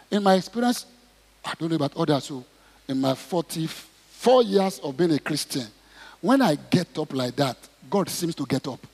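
Male pastor, middle-aged, gravelly and husky, dramatic preaching in a reverberant hall. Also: a little high, lively intonation, normal speed. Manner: dramatic preaching, acting out prayers and stories, rising to shouts. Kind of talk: sermon.

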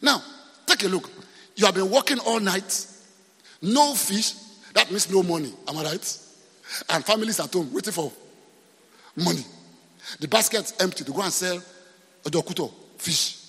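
A man's voice: high voice, expressive, normal speed, pauses often, fairly bright tone, breathy edge, big-room sound. A man with a Nigerian accent preaching a sermon as pastor, often asking the congregation questions and repeating himself.

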